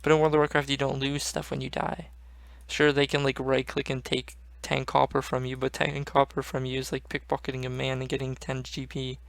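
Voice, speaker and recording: A man's voice: medium pitch, completely flat delivery, brisk, vocal fry, hardly any pauses, a bit bright, no echo. A young man hosting a gaming channel, rambling casually and swearing often. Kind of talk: casual gaming vlog chat.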